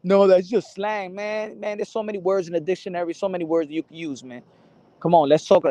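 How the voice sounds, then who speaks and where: A man's voice: sits high, quick pace, darkish tone, no room sound. A man hosting a boxing channel, ranting casually to the camera, cursing often, stumbling over and repeating his words, and slipping into Spanish phrases. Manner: rambling and profane, stammers and repeats words.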